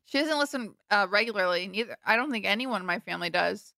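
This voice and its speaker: A woman's voice: mid-range voice, expressive, fast, vocal fry, pushed and bright, dry recording, clean studio sound. A woman co-hosting a podcast in casual chat, teasing wryly and laughing often. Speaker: podcast co-host.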